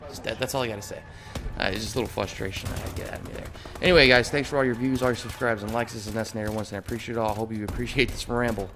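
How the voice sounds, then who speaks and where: A man's voice: fairly low pitch, steady tone, rapid-fire, music in the background. A young man hosting a gaming channel, ranting in casual gameplay commentary with lots of fillers and swearing.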